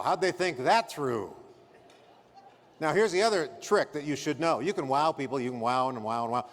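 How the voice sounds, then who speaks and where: A man's voice: medium pitch, fairly bright tone, in a large hall. A man giving a motivational conference keynote in an emphatic, punchy way, acting out customer scenes. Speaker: keynote speaker. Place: conference stage.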